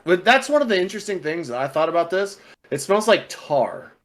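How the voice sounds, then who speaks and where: Playful man with a lively voice. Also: high-pitched, a little fast. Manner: self-mocking, playful, fumbling. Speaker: podcast co-host. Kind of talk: goofy reading aloud on a stream.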